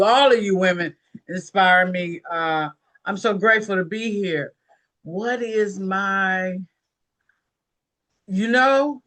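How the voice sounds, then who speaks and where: A woman's voice: a little high, bright, forceful tone. A woman on a video call, gratefully telling the group about her business win. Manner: grateful, storytelling, says "y'all". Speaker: team member on a training call.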